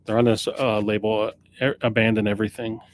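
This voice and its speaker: A man's voice: fairly low pitch, level tone, fast talker, a little hiss or hum. A man who owns a record store, chatting off the cuff on a live stream about new arrivals, often correcting himself mid-sentence. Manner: rambling, off-the-cuff, self-correcting. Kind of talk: casual live-stream chat.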